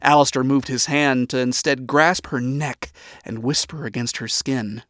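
A man giving a steady, even reading as the narrator of a story. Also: medium pitch, a little slow, dry recording, studio quality.

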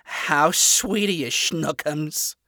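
A man's voice: slow pace, no room sound, clean studio sound, full character voice. A man voicing a flamboyant male spider demon who is battered but showy, in a sassy, theatrical, raised voice for a storybook reading. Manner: sassy, theatrical, high and loud.

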